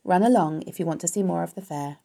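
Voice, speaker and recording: A woman reading a storybook aloud, voicing a wise and gentle female spider who speaks in a calm, measured way. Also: lowish voice, creaky. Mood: explaining.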